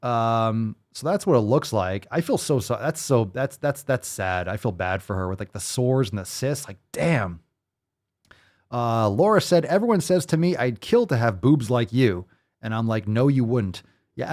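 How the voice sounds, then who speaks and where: An American man hosting a casual commentary show, reading news stories and riffing on them with profane, animated remarks. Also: mid-range voice. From United States. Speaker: host.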